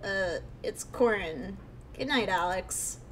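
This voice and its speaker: A woman's voice: medium pitch, animated, takes it slowly, fairly bright tone, a little hiss or hum. A woman voicing a wary young guesthouse owner in a dry, mildly sarcastic tone. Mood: wry.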